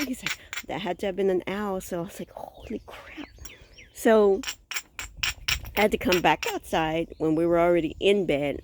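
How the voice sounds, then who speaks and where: A woman's voice: fairly low pitch, background noise. A woman vlogging from a rural campsite, telling stories animatedly with gasps and exclamations. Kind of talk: casual vlog chat.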